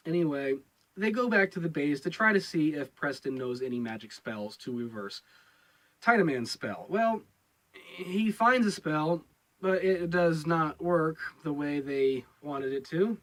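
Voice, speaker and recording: A man's voice: fairly high pitch, lively intonation, normal speed, fairly bright tone, low-quality recording. A man giving a casual review of a TV episode, rambling and repeating his words with many fillers. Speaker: show reviewer.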